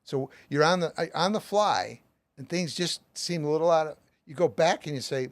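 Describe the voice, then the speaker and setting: A man's voice: on the high side, moderate pace, no room sound. A middle-aged man as an author and guest, explaining his method with plenty of everyday examples. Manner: emphatic, uses lots of everyday examples.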